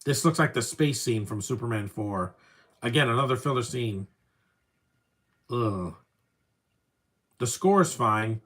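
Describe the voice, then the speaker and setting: A young man talks over a film he is watching, offering blunt, wry opinions in a casual way. His voice sits at an ordinary pitch, and his remarks often drop off into low, muttered asides. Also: animated, a little slow, long pauses. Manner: wry, opinionated, trails off quietly. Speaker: film commentary host. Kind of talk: casual live movie commentary.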